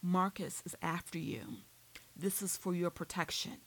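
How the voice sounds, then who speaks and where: A woman reading an audiobook, voicing a quiet, determined young man who keeps a woman captive and teases her dryly. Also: lowish voice, normal speed, close to an everyday voice, low-quality recording. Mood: firm. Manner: quiet, firm, dryly teasing.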